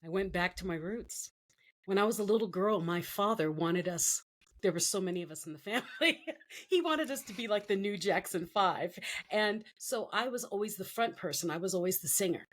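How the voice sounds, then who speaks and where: A woman's voice: medium pitch, expressive, normal speed. A middle-aged woman from the Philippines, a guest telling her life story in an interview, acting out the voices of the people she quotes.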